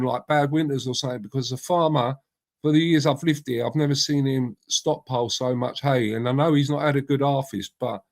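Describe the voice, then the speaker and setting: Middle-aged man, casual live-stream host, rambling, matey, swears. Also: mid-range voice. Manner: chatty, rambling, swears freely, greets viewers by name. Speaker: livestream host. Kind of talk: casual live-stream chat reading out comments.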